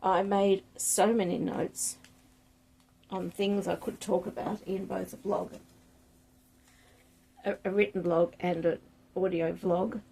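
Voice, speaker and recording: Husky, creaky-voiced woman. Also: lowish voice, little pitch movement, slow pace, long pauses, dark tone. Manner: enthusiastic, chatty, reads passages with relish. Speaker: book vlogger. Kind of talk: casual book chat with reading aloud.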